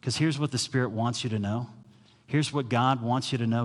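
A man's voice: mid-range voice, fairly even intonation, normal speed. Preaching man in a reverberant hall. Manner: storytelling preacher, acts out quoted voices. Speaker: pastor. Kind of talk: sermon.

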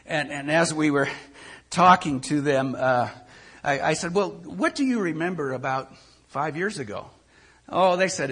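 A man's voice: fairly high pitch, animated, unhurried, a bit bright, breathy edge. An older male pastor giving a conversational sermon, often repeating words as he thinks.

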